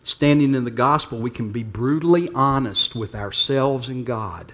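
A pastor preaching a sermon to his church, talking plainly and swinging between hushed asides and emphatic points. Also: mid-range voice, moderate pace.

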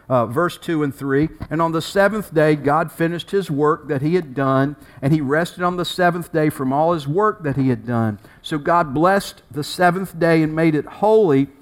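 A man preaching a sermon as pastor, folksy and emphatic, with down-home turns of phrase. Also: on the high side.

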